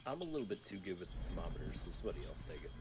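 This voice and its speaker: A man's voice: sits low, big pitch swings, very fast, over loud music. A man chatting loosely and jokily with friends while playing a game, swearing often. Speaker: gamer. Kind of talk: casual chat while playing. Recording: distant mic, loud background noise.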